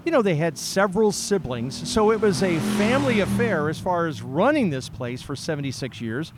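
A man hosting a podcast, chatting casually and telling an animated story, acting out the people he quotes. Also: a little high, normal speed. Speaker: podcast host. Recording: outdoor recording with clear background noise.

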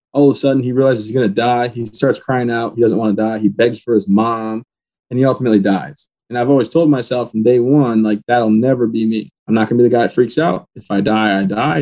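A man in an interview, bluntly retelling the day he was badly wounded, matter-of-fact and steady. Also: medium pitch. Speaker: guest. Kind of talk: personal storytelling in an interview.

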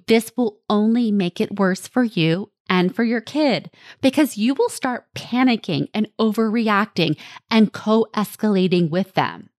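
A woman hosting a parenting podcast speaks in an earnest, direct coaching manner. Her voice sits at a middle pitch, and the dry close-miked sound has no room echo around it. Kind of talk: advice monologue.

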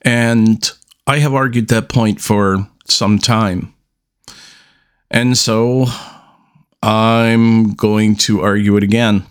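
A man hosting a solo podcast, talking unscripted, halting and restarting, with long deliberate pauses between statements. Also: fairly low pitch, steady tone, clear, resonant tone. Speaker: podcast host.

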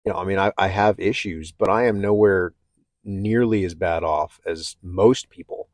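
A man talking candidly and haltingly about his own struggles, with many restarts. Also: low voice, steady tone, a little mellow, dry recording. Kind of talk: personal reflective talk.

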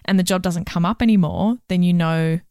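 A woman's voice: on the low side, a little fast, mellow, no room sound, studio quality. A woman co-hosting a career podcast, chatting casually and explaining things through step-by-step examples. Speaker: career coach co-host.

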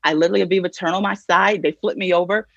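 A woman guest telling a personal story in an animated way, laughing as she goes, on a dull lo-fi recording. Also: fairly low pitch, fast talker, vocal fry, no room sound. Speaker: podcast guest.

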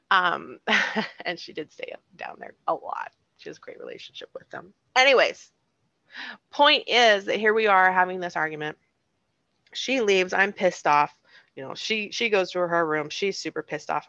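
A woman's voice: medium pitch, expressive, normal speed, creaky, bright, forceful tone, dry recording, lo-fi sound. A middle-aged woman hosting a solo podcast, telling personal stories in a candid, self-deprecating way. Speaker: podcast host.

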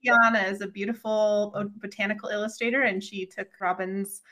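A woman's voice: mid-range voice, level tone, fairly quick, sharp tone. A woman hosting a podcast, steering the conversation and encouraging her guest. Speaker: podcast host.

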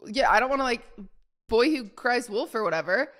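A young woman co-hosting a podcast, telling a story in a rambling, animated way full of "like". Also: a little high, brisk. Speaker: podcast co-host. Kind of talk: casual chat storytelling.

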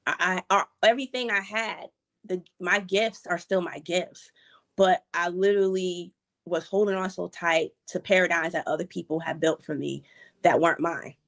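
A woman guest in a casual interview, telling her story with lively energy and acting out what others said. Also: on the low side, moderate pace. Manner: animated storytelling, acts out quotes of others. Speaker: program participant, guest.

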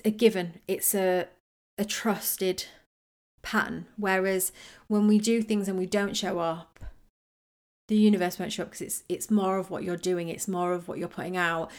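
A woman hosting a solo podcast on manifesting, talking in a chatty, rambling, self-mocking way. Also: on the low side. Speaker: podcast host.

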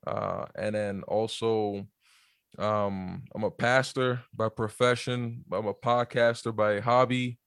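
An easygoing man in his thirties talks casually as a podcast guest. His voice sits fairly low, and he laughs often between relaxed answers. The sound is dry and close. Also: takes it slowly, clean tone, no echo. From New York, USA. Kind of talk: casual interview chat.

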